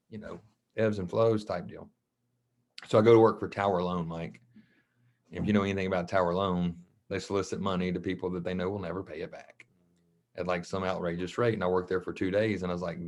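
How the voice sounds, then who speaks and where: A man, a coach from Mississippi, telling his story in a casual interview, animated, acting out the voices of people he quotes. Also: sits low. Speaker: guest, track and football coach. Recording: dull lo-fi podcast audio.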